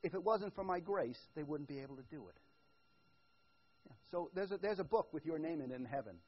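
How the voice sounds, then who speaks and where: A man preaching a conversational sermon as pastor, shifting from quiet asides to loud, emphatic build-ups. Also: a little high, expressive, brisk, husky, dull audio.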